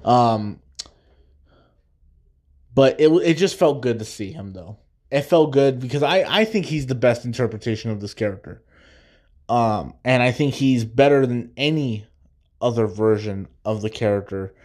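A man's voice: mid-range voice, expressive, unhurried, a little mellow. Enthusiastic man hosting a podcast. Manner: enthusiastic, repetitive restarts, acts out quotes. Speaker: podcast host. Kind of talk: casual solo podcast review.

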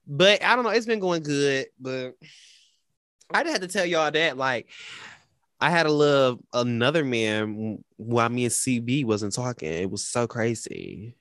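Man, podcast co-host, animated storytelling, lively pitch, dry sound. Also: moderate pace, no room sound. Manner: animated, dramatic retelling with quoted voices. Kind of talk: casual storytelling chat.

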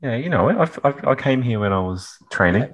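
A man playing a tabletop game, asking quick, hesitant questions. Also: mid-range voice, lively intonation. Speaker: player. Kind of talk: casual tabletop play.

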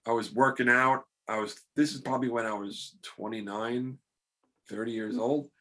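A man's voice: medium pitch, steady tone, normal speed, pushed and bright. A middle-aged man, the podcast host, telling a rambling, self-deprecating story in casual chat.

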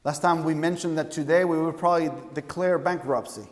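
A man's voice: a little high, steady tone, brisk, in a large hall. A man preaching a sermon, emphatic and fond of asking his listeners questions. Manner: emphatic, asks the congregation questions.

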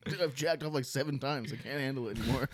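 A man's voice: medium pitch, fast talker, husky, dry recording, studio quality. A man co-hosting a podcast, joking crudely and laughing often as he talks. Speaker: podcast co-host. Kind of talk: crude casual banter.

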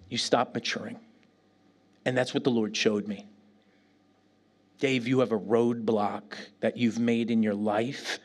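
A middle-aged pastor preaching a sermon, telling stories with animated bursts and falling to a near whisper when he prays. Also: medium pitch, husky. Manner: animated storytelling, dropping to a near whisper in prayer.

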